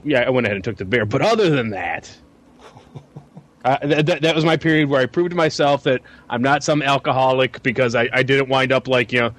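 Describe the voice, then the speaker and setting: A man's voice: medium pitch, fairly bright tone. A man in a casual podcast chat, talking hesitantly and stammering over repeated words. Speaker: podcast co-host.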